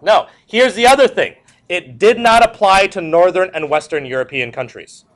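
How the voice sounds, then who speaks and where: Male history teacher, classroom lecture, high voice, lively swooping delivery, repeats points, jokey asides. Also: normal speed. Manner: repetitive, animated, joking asides to students.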